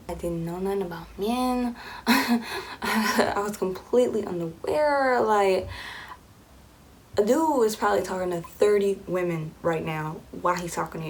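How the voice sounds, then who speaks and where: A woman's voice: mid-range voice, a little hiss or hum. A young woman vlogger telling a personal dating story in a casual, chatty way, acting out what people said. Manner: chatty, animated, acts out quoted voices.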